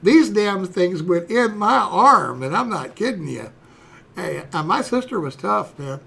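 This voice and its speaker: A man's voice: sits high, expressive, a little slow, gravelly, a bit bright, breathy edge. A man in his sixties, a streamer telling a personal story in a rambling, folksy way, dropping "you know" and "okay" throughout. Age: 60s.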